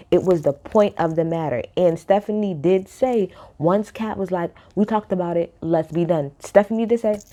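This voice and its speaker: A woman's voice: fairly low pitch, warm tone. A woman recapping a reality TV episode in a casual, opinionated way, blunt and swearing freely.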